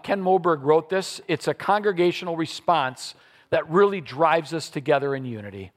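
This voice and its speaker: A middle-aged man preaching a sermon to his church congregation, telling a personal story with lively acted-out voices and leading a prayer. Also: a little high. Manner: animated storytelling, acting out quoted voices. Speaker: pastor. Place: church service before a congregation.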